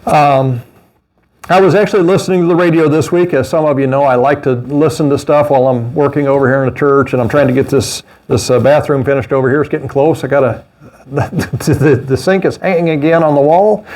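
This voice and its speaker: A middle-aged man preaching a sermon as pastor, animated, with mocking asides and laughter. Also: a little high, a little fast.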